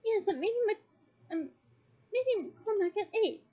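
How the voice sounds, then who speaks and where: Brief: woman playing a clever teen girl, sweetly barbed, high voice, muffled lo-fi sound. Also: animated, moderate pace, mellow. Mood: brisk. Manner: sweet, pointed emphasis. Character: clever confident teenage schoolgirl, coolly sweet. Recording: dull lo-fi recording.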